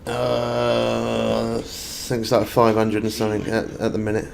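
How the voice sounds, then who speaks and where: A man's voice: on the low side, monotone, measured pace, vocal fry, darkish tone, a little hiss or hum. A British man from the UK streaming a fishing game, chatting casually and answering viewer comments as he plays. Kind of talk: casual live-stream chat.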